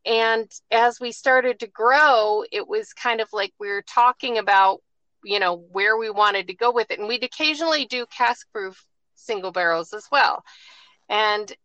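Bright-voiced woman explaining her whiskey craft. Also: a little high, a little slow, no echo. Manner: relaxed, explanatory, with many fillers. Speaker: distiller, guest. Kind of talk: conversational interview answers.

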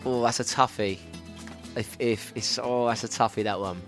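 A man's voice: medium pitch, steady tone, normal speed, fairly bright tone, faint music behind. A man, a guest singer, chatting casually and telling a rowdy anecdote with swearing and laughter. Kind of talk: casual chat, storytelling.

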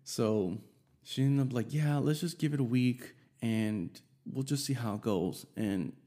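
A man's voice: medium pitch, a little slow, mellow. A young man casually telling a personal story, rambling and swearing, with lots of fillers.

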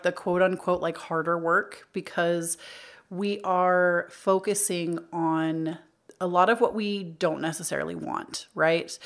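A young adult woman hosting a spiritual healing podcast, chatty and earnest, with frequent filler words, speaking into a microphone. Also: lowish voice. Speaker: podcast host. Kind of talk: casual spiritual podcast talk. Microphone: studio microphone.

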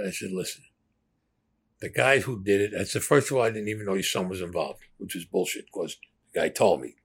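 A man's voice: sits low, a little fast, slightly rough. A man telling a blunt, profane story as an interviewee, acting out the dialogue as he goes. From New York. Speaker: former mobster interviewee.

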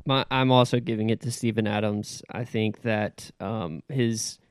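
A man co-hosting a casual sports podcast, giving measured analysis and handing off to others. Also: fairly low pitch, steady tone, clear, resonant tone, no room sound, clean studio sound. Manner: measured, analytical, passes the mic. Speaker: podcast co-host.

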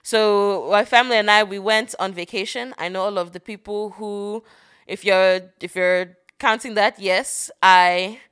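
A woman's voice: mid-range voice, fairly even intonation, unhurried, fairly bright tone, clear, resonant tone. A young woman from Nigeria co-hosting a podcast in casual chat, playful and giggly. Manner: giggly, playful, breaks into rap lyrics. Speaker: podcast co-host.

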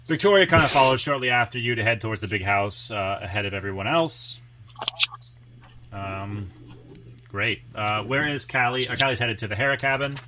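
A man's voice: mid-range voice, moderate pace, a loud crowd. A man running a tabletop game as game master, speaking in a laid-back, hesitant way with many fillers.

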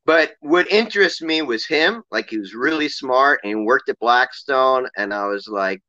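Bright-voiced New man rambling. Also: mid-range voice, lively intonation, normal speed, no echo, dull audio. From New York City. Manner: rambling, laughing, full of fillers. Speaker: guest, bike company owner. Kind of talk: casual storytelling.

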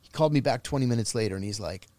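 A man's voice: mid-range voice, very fast, dry recording. A middle-aged man telling a story in casual conversation, acting out the voices of the people he quotes. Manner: animated, acts out quoted voices. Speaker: podcast guest.

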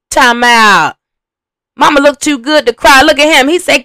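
A young adult woman, hosting a podcast that reacts to a reality show, speaks straight to her viewers as y'all with animated, profane, casual commentary. Her voice is a little high, her pace quick, and there's no room sound.

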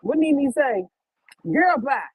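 A woman's voice: sits high, lively intonation, no echo, poor audio. Livestream host, woman from Louisiana, sassy and teasing, on a phone in a dry, close sound. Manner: sassy, playful, teasing, quick to laugh. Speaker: reality TV reviewer, livestream host. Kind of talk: casual livestream chat with viewers. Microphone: phone with headphones.

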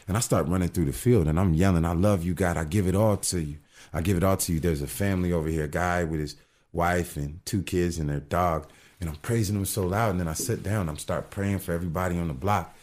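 A middle-aged man with a very deep voice shares his faith story in a casual conversation. He talks earnestly, often restarting his sentences as he goes. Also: darkish tone. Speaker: guest telling his testimony.

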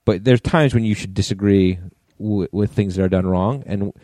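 A male podcast co-host chatting casually, swearing freely and telling stories with animated bursts. His voice is mellow and dark. The room sound is dry and close. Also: fairly low pitch, moderate pace, dry recording. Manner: profane, animated storytelling. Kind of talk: casual chat.

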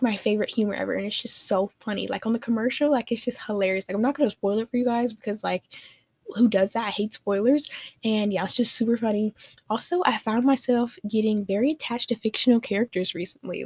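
A woman's voice: mid-range voice, darkish tone, no echo. A young adult woman hosting a casual solo podcast, chatting in a bubbly, gushing way and filling her talk with "like.". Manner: bubbly, gushing, heavy use of "like". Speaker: podcast host.

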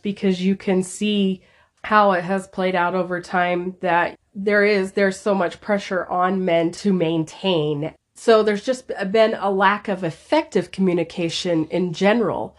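A woman's voice: fairly low pitch, fairly even intonation, unhurried. A woman co-hosting a podcast, talking in an affirming, reflective way. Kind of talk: podcast conversation.

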